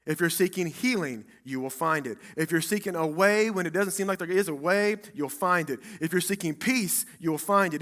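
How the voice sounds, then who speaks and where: A male pastor preaching in a church, with a bright, forceful voice that sits a little high for a man. He is emphatic and dramatic, and he drives his points home through repetition. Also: moderate pace, hardly any pauses. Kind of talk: sermon. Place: church sanctuary.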